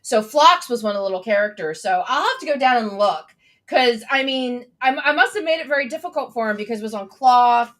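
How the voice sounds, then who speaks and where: A woman's voice: fairly high pitch, expressive, brisk, a bit bright. A young adult woman hosting a casual livestream chat, bubbly and enthusiastic as she reads out viewer comments. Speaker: host.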